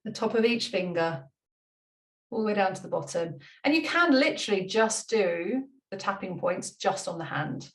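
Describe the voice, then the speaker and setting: A woman walks through a tapping routine in easy, chatty talk, and she laughs at herself now and then. Her pitch sits in the middle range. She is recorded from some distance in a roomy, echoing space. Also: expressive, normal speed. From United Kingdom. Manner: light-hearted, laughs at herself, repeats gentle instructions. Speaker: money mindset coach. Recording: roomy room, mic at a distance.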